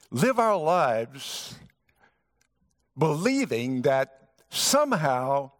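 A man preaching in a lively, high-pitched voice that swoops up and down as he tells the story. His voice rings through a large sanctuary, trailing a long echo. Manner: storytelling preacher acting out the characters' lines. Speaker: guest pastor. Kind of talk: sermon. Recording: long hall reverb.

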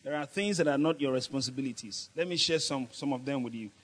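A man's voice: mid-range voice, quick pace. A man preaching a sermon, laughing often and calling on his congregation to answer back. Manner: lively, laughing often, call-and-response with the congregation.

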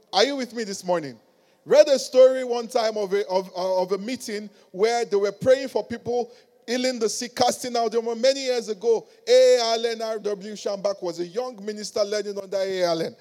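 High-voiced man preaching a lively sermon. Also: a little fast. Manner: animated preaching, acted quotes, rises to loud exclamations. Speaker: pastor.

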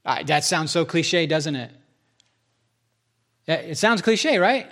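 Male pastor with a higher voice. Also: animated, slow, fairly bright tone. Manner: joking, self-deprecating asides; enumerating points, repeating for emphasis. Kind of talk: sermon.

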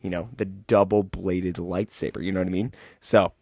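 A low-pitched man talks through an episode breakdown in a loose, unscripted way, full of "um"s and restarts. He sounds like an eager fan and clears a cough every so often. The sound is dry and close, with no room echo. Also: steady tone, normal speed, darkish tone. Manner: rambling, many fillers and restarts; enthusiastic fan. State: keeps coughing. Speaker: show recap host.

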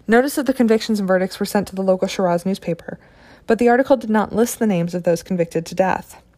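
A woman reading a scripted documentary narration in a measured, sober way, including quoted testimony. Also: fairly low pitch, darkish tone.

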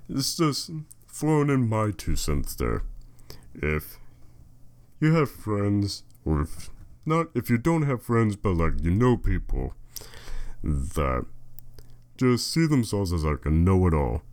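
A man's voice: lowish voice, big pitch swings, takes it slowly, long pauses, darkish tone. A man rambling on in a casual monologue, reading a short entry aloud and adding dry, wandering asides full of fillers. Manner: meandering, dry joking, many fillers and restarts. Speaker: solo talker reading a fruit entry aloud.

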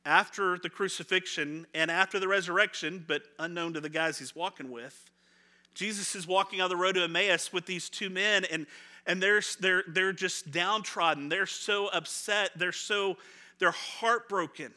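A middle-aged man, a pastor, preaching a sermon in a conversational, animated way, acting out the voices of people in the story and laughing now and then. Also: sits high, normal speed. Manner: laughs often, repeats words when restarting.

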